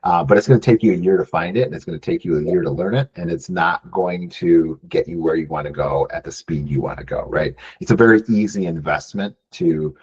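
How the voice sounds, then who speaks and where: A man's voice: deep voice, fairly quick, few pauses, darkish tone, breathy edge, muffled recording. A man from Michigan answering interview questions casually, often adding "right?" and restarting phrases. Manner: frequent "um" and "right?" tags, restarts. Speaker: business buyer guest.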